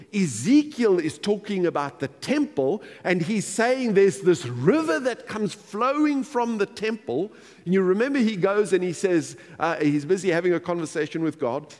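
A man preaching a sermon as pastor, animated and emphatic, repeating key phrases for weight. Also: high-pitched, normal speed, long reverb tail.

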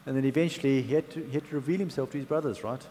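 A man's voice: mid-range voice, rapid-fire, mellow, a little hiss or hum. A man preaching a sermon in a conversational, chatty way, with asides and fillers. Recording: long hall reverb.

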